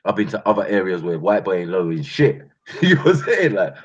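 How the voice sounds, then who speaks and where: Husky london guy yarning, slangy, lots of laughs, kinda low voice, dull lo-fi audio. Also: fairly quick. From North London. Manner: laughing, slangy, animated storytelling. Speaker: channel host. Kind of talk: casual storytelling monologue. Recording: dull lo-fi recording.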